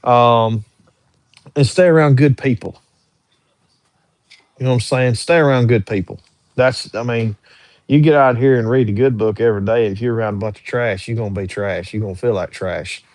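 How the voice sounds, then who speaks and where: A young man runs a casual livestream, reading his viewers' questions aloud and answering each one in an easygoing, drawling way. His voice sits at an ordinary pitch for a man. The sound is dry and close, with no room echo. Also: moderate pace, pauses often, a little mellow. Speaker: livestream host answering chat.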